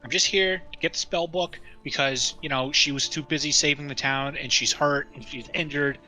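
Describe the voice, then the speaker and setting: Dude doing his fed up tiefling guy, begging, super bright sound. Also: on the high side, fairly even intonation, moderate pace, soft background music, poor audio. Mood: pleading. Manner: pleading and impatient. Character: exasperated young male tiefling adventurer.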